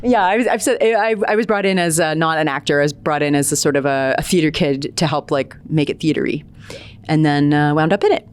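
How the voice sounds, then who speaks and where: A woman's voice: sits low, a little fast, clear, resonant tone. A woman actor answering in an interview, bubbly and laughing through her words.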